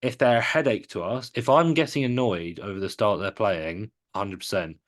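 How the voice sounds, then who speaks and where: An English man co-hosting a sports podcast, talking in a measured, hesitant way. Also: on the low side. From England. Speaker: podcast co-host. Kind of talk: casual sports chat.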